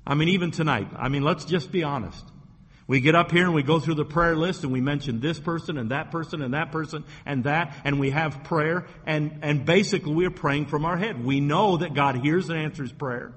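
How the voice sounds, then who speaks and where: A man preaching a sermon in a fairly high voice with a husky edge, pressing his points with earnest repetition. His voice rings out with a long reverb from the church hall around him. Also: moderate pace, fairly bright tone. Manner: earnest preaching with repeated words and rising emphasis. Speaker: pastor.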